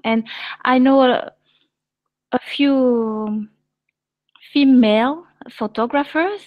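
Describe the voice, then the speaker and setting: A woman's voice: sits high, slow pace, no room sound. A woman in casual online panel chat, speaking earnestly and thoughtfully. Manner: earnest, thoughtful, hands questions on. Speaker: panel guest. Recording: dull lo-fi audio.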